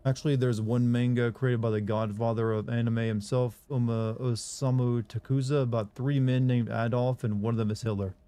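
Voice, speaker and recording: A man's voice: medium pitch, level tone, moderate pace, few pauses, warm tone, clean tone. A man from Michigan giving casual let's-play commentary, rambling and chatting with viewers as he plays. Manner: rambling, chats with viewers between gameplay. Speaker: gaming streamer.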